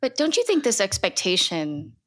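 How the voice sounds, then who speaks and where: A woman's voice: medium pitch, wildly swooping pitch, normal speed. A woman co-hosting a podcast interview, asking probing follow-up questions. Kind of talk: conversational interview.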